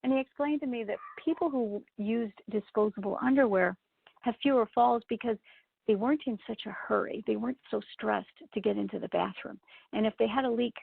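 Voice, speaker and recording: A woman with a strongly gravelly, husky voice shares a personal story as a lesson for event professionals, turning to her listeners with asides. The sound is thin and phone-like, dry with no room around it. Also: fairly high pitch, normal speed, no room sound. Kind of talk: storytelling talk.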